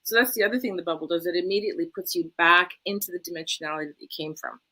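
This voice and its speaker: A woman's voice: on the low side, very fast, bright, forceful tone. A woman being interviewed, chatting eagerly and often checking in with "right?" as she talks. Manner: enthusiastic, repeats herself, says "right?" often. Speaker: interview guest. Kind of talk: casual chat.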